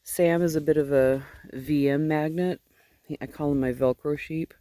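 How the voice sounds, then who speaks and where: A woman sheep farmer with a husky morning voice, just up and chatting casually into a handheld phone outdoors at her barn, wandering off topic as she goes. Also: sits low, steady tone, normal speed, warm tone, no echo. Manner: chatty and digressive, easily distracted. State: just woken up, yawning. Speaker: sheep farmer and fiber seller.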